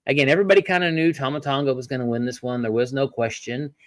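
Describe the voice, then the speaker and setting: A man hosting a solo wrestling review podcast, ranting with many rhetorical questions and pausing to apologize for his tangents. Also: medium pitch, steady tone, no room sound.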